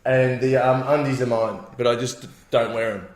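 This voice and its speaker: A man's voice: medium pitch, fairly even intonation, moderate pace, a little hiss or hum. Laid-back Australian male co-host, dry humour, roomy sound. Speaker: podcast co-host. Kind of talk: casual comedic chat.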